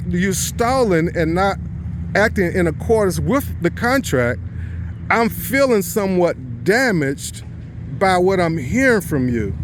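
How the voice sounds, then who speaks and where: A man, a real estate investor, telling a story about a deal, speaking deliberately and stressing key words as he quotes the people involved. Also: high-pitched, noisy background.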